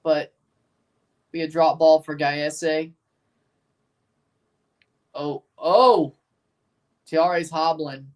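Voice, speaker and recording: A man's voice: a little high, little pitch movement, slow pace, a little mellow, far from the mic. A man with a Southern accent streaming live match reactions, chatting with viewers and exclaiming at plays. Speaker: watchalong streamer.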